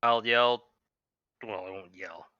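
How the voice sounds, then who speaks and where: A man's voice: on the low side, fairly even intonation, slow, sharp tone, clear, resonant tone, dry recording, lo-fi sound. A man playing in a tabletop game, easygoing and thinking aloud. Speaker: player. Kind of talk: casual tabletop play.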